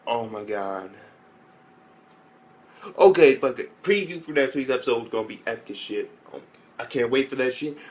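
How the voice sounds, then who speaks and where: A man's voice: medium pitch, expressive, moderate pace, pauses often. A young man giving a loose, rambling spoken recap as an anime reviewer, swearing often and mimicking characters in raised voices. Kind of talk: casual profane recap.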